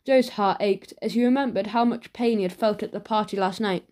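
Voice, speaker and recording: A woman narrating a children's audiobook in a lively, expressive way. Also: mid-range voice, moderate pace, few pauses. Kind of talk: storybook narration.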